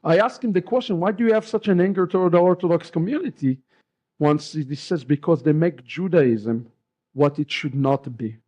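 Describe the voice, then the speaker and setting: A middle-aged man with an Israeli accent, a rabbi giving a lively personal testimony and acting out remembered dialogue. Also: on the high side, normal speed. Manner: lively storyteller who acts out remembered dialogue.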